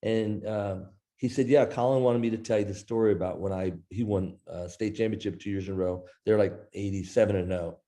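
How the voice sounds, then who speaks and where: A middle-aged man from Iowa, guesting on a business interview show, spins a long personal anecdote. His voice sits a little low with a mellow, relaxed tone. He acts out what everyone said in his own voice. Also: a little fast, hardly any pauses. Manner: animated anecdote teller, quoting others in his own voice. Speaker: guest author. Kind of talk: storytelling in an interview.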